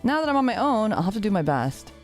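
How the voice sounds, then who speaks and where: An earnest young man starting out with his own bakery, read aloud by a woman in her everyday voice. He talks plainly, with a lively, wide-ranging lilt, while soft music plays behind him. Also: mid-range voice, quick pace, natural voice. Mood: determined. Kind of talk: reading game dialogue aloud.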